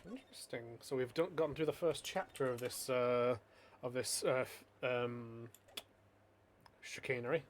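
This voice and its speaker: A man's voice: mid-range voice, steady tone, unhurried, long pauses, a little hiss or hum. A man streaming a video game with casual, profane, joking commentary. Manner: profane, jokey.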